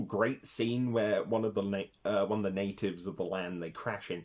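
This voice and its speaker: A man's voice: lowish voice, fairly even intonation, moderate pace, few pauses, a little mellow. A man hosting a casual retro game review vlog, talking with rambling enthusiasm and swearing freely.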